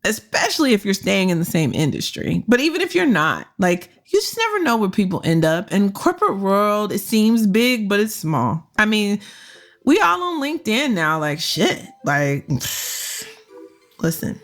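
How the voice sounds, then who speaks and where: Lively, frank woman podcast host. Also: mid-range voice, unhurried. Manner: animated, frank, slangy and profane, laughs often. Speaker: podcast host and career coach. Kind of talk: casual storytelling advice.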